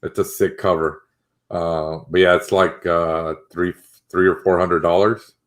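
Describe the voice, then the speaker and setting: A young man co-hosting a live stream, relaxed and rambling, who reads out viewers' comments. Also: sits low, a little slow. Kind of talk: casual chat.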